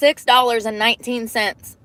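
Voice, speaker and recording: A woman's voice: on the high side, little pitch movement, normal speed, a bit bright, no room sound. A woman live-streaming from inside her car on a phone camera, chatting to viewers in a casual, profane way. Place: inside a parked car at a drive-thru.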